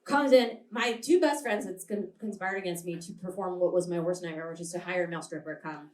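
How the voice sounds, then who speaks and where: A woman's voice: on the low side, brisk. A young adult woman doing a stand-up comedy set at a live show, brash and rambling, often laughing through her lines. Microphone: handheld stage mic. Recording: roomy venue, mic picked up from a distance.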